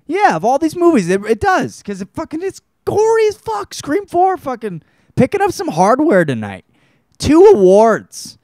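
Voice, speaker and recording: A young man hosting a casual solo show, rambling and swearing, with loud outbursts, tired and drinking beer. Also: very high-pitched, wildly swooping pitch, moderate pace, no room sound, studio quality. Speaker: host.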